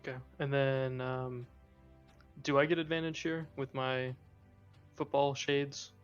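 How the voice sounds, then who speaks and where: A man playing in a tabletop game, speaking quietly and hesitantly. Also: mid-range voice, fairly even intonation, unhurried, clear, resonant tone, soft background music. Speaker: player. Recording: dull lo-fi sound.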